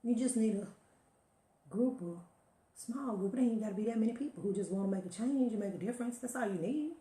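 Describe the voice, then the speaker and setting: A woman's voice: a little high, quick pace, mellow, roomy sound. A woman giving an emphatic motivational talk to her viewers, preaching and telling stories, calling listeners honey. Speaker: motivational live-stream host.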